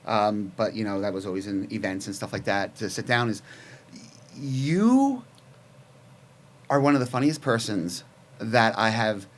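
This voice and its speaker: A man's voice: lowish voice, lively intonation, a little slow, pauses often. A man hosting a casual interview, enthusiastic and encouraging toward his guest. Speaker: podcast host.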